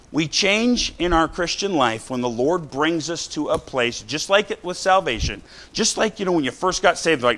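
Man preaching, casual sermon, fairly high voice, bright and forceful tone, lots of "right?" asides. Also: animated, normal speed. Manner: conversational, rising to shouts of emphasis; frequent "right?" and "you know" asides to the congregation.

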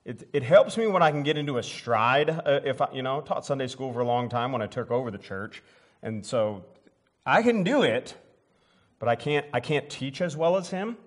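A man's voice: medium pitch, animated, moderate pace. A pastor preaching a sermon in his church, folksy and rambling, full of restarts, and building up to emphatic preaching. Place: church sanctuary.

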